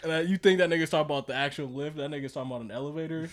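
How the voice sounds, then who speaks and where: A young man co-hosting a casual podcast chat, animated and profane, laughing often. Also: a little high, very fast. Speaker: podcast co-host.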